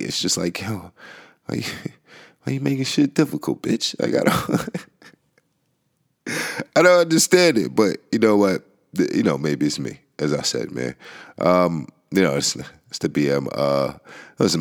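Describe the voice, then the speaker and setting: A young man hosts a casual solo talk. He rambles and restarts often, laughs between thoughts, and swears freely. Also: very deep voice. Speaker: podcast host. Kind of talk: casual monologue.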